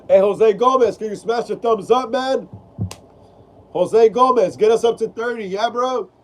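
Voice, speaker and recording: Hosting a live stream of horror films, this man has an extremely high voice and speaks a little slowly, sounding stuffy and nasal from a clogged nose because he's ill. He reads out viewer comments casually and slangily, repeating himself and addressing viewers as "bro." The recording is rough.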